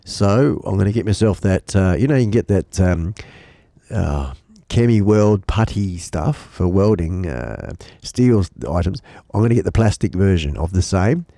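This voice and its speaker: A man's voice: sits low, animated, measured pace, dark tone, no room sound, clean studio sound. Rambling man with a head cold. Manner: rambling, joking, laughs often, many restarts. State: blocked up with a cold. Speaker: live stream host. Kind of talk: casual live-stream chat. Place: home studio.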